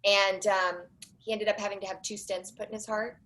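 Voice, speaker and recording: A woman in her forties, a documentary producer, chatting as a guest on a podcast with animated storytelling and quick asides. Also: mid-range voice, a little hiss or hum, rough recording. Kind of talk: casual interview chat.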